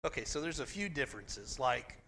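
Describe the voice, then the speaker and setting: A pastor preaching a sermon in an earnest, emphatic way, now and then reading scripture aloud with dramatic force. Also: male voice, mid-range voice, lively intonation, fairly quick, gravelly, pushed and bright, slight background noise.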